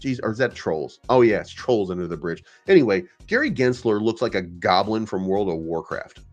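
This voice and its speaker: Low-voiced man ranting about markets. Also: sing-song, normal speed, soft background music. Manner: profane, stammering, riffing. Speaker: crypto channel host. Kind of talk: casual ranting commentary.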